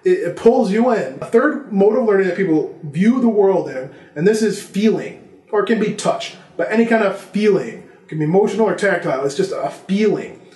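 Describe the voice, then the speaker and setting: A man's voice: sits high, expressive, brisk, mellow, roomy sound. A man giving a casual vlog lesson on filmmaking, talking conversationally and listing examples. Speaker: filmmaking instructor.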